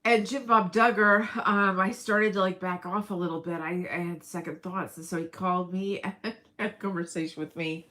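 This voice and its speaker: A woman's voice: lowish voice, fairly even intonation, normal speed, sharp tone, low-quality recording. A middle-aged woman rambling through a casual personal vlog, emotional and breaking into laughs. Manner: rambling, emotional, laughs often mid-sentence. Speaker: vlogger.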